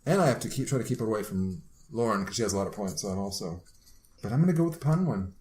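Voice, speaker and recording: A woman's voice: extremely low pitch, animated, very fast, dark tone. A woman co-hosting a podcast, chatty and self-deprecating while keeping score in a game. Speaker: podcast co-host. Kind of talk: casual game chat.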